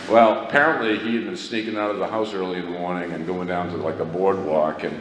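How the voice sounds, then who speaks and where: A man's voice: deep voice, fairly even intonation, quick pace, few pauses. A middle-aged man telling a rambling, self-mocking personal story to a recovery meeting, laughing at himself. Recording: echoey hall, faint background noise.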